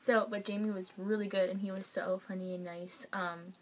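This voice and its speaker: A young woman telling a story to the camera at home, excited and gushing, with lots of fillers. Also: medium pitch, moderate pace, slight background noise. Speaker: vlogger.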